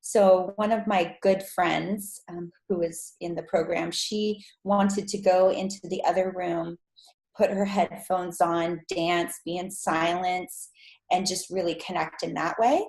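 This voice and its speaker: Animated woman telling a story, echoey room. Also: measured pace. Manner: animated, acts out quotes in high voice. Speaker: podcast guest. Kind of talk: casual storytelling interview.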